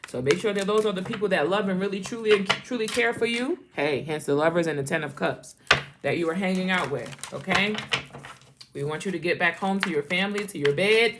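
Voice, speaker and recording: A woman with a fairly low voice talks through a tarot reading in a loose, chatty way. She repeats her phrases and breaks into laughter now and then. Faint background noise sits under the recording. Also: a little fast. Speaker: tarot reader.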